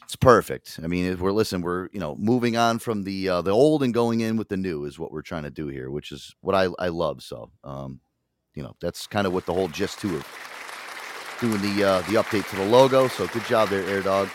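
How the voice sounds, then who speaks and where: A man's voice: low-pitched, normal speed, no room sound, a faint crowd. A man hosting a casual podcast chat, rambling and swearing freely. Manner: rambling, swears often, animated. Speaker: podcast host.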